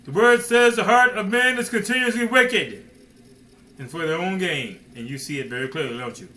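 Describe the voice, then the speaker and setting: A man's voice: high voice, moderate pace, bright, forceful tone, low-quality recording. A man preaching a sermon emphatically, firing rhetorical questions and addressing listeners directly as man and son.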